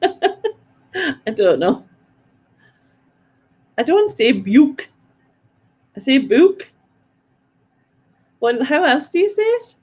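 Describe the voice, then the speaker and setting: A woman's voice: high-pitched, very animated, slow pace, pauses often, highs cut off. A woman hosting a live quiz stream, chatty and self-mocking, laughing often as she reads out viewer comments. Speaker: quiz host.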